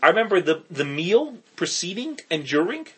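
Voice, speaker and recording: A man's voice: sits high, sing-song, moderate pace, a bit bright, breathy edge. A man co-hosting a podcast, chatting casually in a rambling, wry way that keeps interrupting itself. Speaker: podcast co-host. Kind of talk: casual chat.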